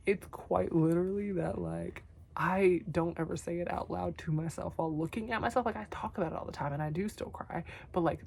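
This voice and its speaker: A young woman talking tenderly to herself on camera in a vlog, soft and often whispery, teary, her voice going hoarse. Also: lowish voice, a little hiss or hum. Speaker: vlogger. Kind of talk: emotional self-talk to camera.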